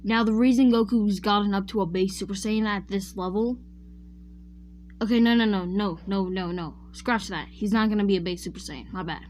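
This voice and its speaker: A woman's voice: mid-range voice, moderate pace, darkish tone. A woman spins a fan-made what-if story in a loose, chatty way, talking straight to her viewers. She often stops to correct herself mid-sentence. A faint hum sits under her voice. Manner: chatty, addresses viewers directly.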